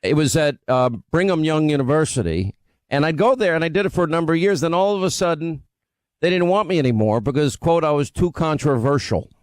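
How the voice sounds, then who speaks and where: Brash New York radio host. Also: male voice, a little high, sing-song, clear, resonant tone, no echo. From Long Island, New York. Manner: brash, bantering, quick to interrupt. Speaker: radio talk show host. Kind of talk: casual radio banter.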